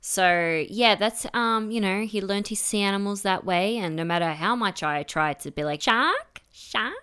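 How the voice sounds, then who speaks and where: A woman's voice: medium pitch, moderate pace, fairly bright tone, clear, resonant tone. A woman co-hosting a podcast, chatting casually with lots of fillers and playful imitations. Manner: chatty, full of fillers, mimics sounds playfully. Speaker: podcast co-host. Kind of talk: casual chat.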